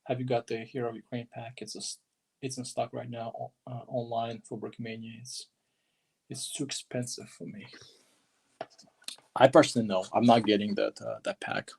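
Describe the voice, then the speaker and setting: Guy chatting on a stream about a book, gravelly and a bit raspy, rambles a lot. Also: mid-range voice, steady tone, moderate pace, a little mellow. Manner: rambling, chatting with viewers, many fillers. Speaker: streamer flipping through a book. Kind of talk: casual livestream chat.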